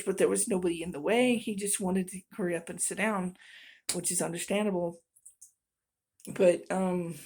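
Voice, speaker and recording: A middle-aged woman vents about her evening in a casual vlog. She sounds exasperated and lets out nervous laughs, and her voice sits at an ordinary mid pitch. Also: a little mellow. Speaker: vlogger. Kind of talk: casual storytelling rant.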